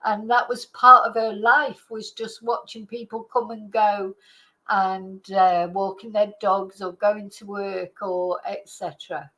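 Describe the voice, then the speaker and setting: Older woman, casual vlog storytelling, rambling, fillers and false starts, mid-pitched voice. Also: level tone, slow, bright, forceful tone, rough recording. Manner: rambling, chatty, many fillers and restarts. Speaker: channel host.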